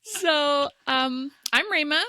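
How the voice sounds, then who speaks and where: A woman in her thirties hosting a podcast, chatting and telling stories in a lively, animated way on a close mic. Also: sits high, slow pace, no room sound. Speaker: podcast host. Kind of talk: casual podcast chat.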